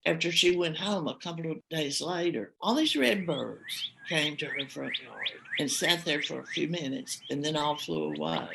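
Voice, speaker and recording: Gravelly older woman telling a story. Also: low-pitched, very animated, background noise. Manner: heartfelt, halting, emotional telling. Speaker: storyteller guest. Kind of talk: personal storytelling.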